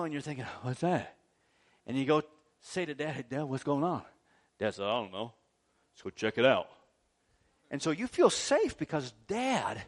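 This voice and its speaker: High-voiced preaching pastor. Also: male voice. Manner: preaching with rising shouts and acted quotes. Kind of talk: sermon.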